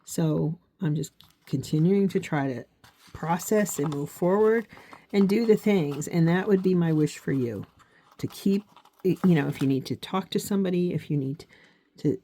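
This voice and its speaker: A woman's voice: lowish voice, normal speed, warm tone. A woman vlogging as she sets up her journal, talking earnestly and encouragingly straight to her viewers, often checking in with them. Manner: reflective, with frequent "okay?" check-ins. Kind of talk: casual heartfelt talk while crafting.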